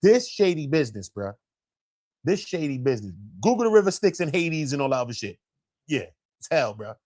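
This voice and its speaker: A man's voice: very animated, fairly quick, darkish tone. A man hosting a live stream, reacting in casual slang with a lot of swearing. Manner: slangy and profane, with big swings of pitch.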